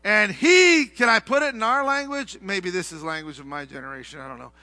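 A middle-aged man preaching a sermon, swinging from hushed, low passages to shouted, heated ones. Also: fairly quick, dry recording. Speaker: pastor.

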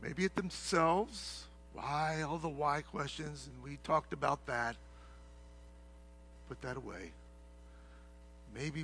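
A middle-aged man preaching a sermon, swinging from hushed, low passages to shouted, heated ones. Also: takes it slowly, long pauses, slight background noise. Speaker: pastor.

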